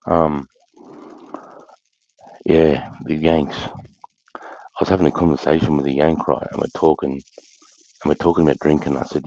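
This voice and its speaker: A man's voice: a bass voice, level tone, normal speed, pauses often, mellow. An Australian man hosting a casual livestream chat, rambling, swearing constantly and laughing often, in slightly dull lo-fi audio. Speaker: livestream host.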